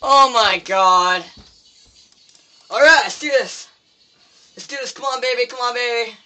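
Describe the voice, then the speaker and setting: A man's voice: extremely high pitch, a little slow, pushed and bright, faint music behind. A teenage boy commenting on his own gameplay, swearing and pleading with the game in frustration. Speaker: gameplay video maker.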